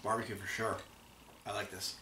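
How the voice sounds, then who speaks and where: A relaxed man with a lowish but bright voice talks his way through a casual taste test, weighing each flavor aloud. He sits a little back from the mic in a roomy space with faint noise behind him. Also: moderate pace, recorded from a distance. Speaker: co-host.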